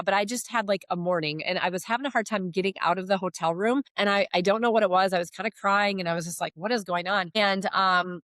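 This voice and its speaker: A woman's voice: mid-range voice, a bit bright, no echo. A middle-aged woman giving a heartfelt faith testimony as a podcast guest, telling her story earnestly.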